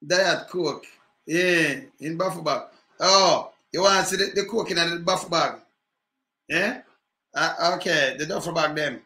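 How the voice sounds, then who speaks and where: High bright Jamaican man ranting. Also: measured pace, reverberant. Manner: animated patois ranting, repeated rhetorical questions. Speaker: commentator. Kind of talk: livestream political commentary.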